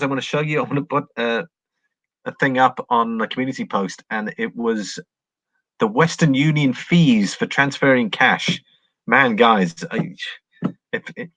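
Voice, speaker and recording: A man's voice: mid-range voice, fairly bright tone, dry recording. A man hosting a casual livestream, rambling as he reads viewer comments and talks through price charts. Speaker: livestream host reading charts.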